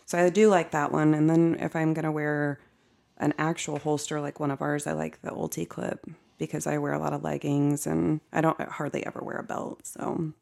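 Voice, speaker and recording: Brief: woman guest, heavy vocal fry, lively emphatic storyteller. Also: deep voice, normal speed. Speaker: podcast guest, co-owner. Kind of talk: casual chat.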